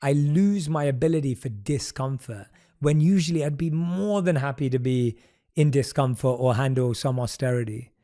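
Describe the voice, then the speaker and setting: A man's voice: medium pitch, moderate pace, warm tone. A man hosting a podcast in casual conversation, reflective and affirming, often repeating phrases for emphasis. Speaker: podcast host.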